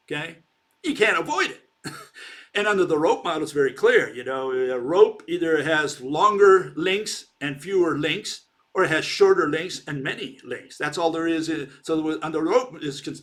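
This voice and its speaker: A man's voice: a little high, a bit bright. A man giving an informal science lecture, emphatic and mocking, checking in often with "okay?". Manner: emphatic, keeps asking "okay?", mocking of critics.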